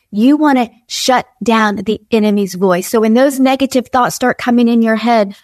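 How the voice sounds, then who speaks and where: A woman's voice: a little high, moderate pace, hardly any pauses, darkish tone, dry recording. Earnest woman preaching, dry close mic. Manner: earnest, repetitive exhortation with acted-out inner dialogue. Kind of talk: devotional sermon.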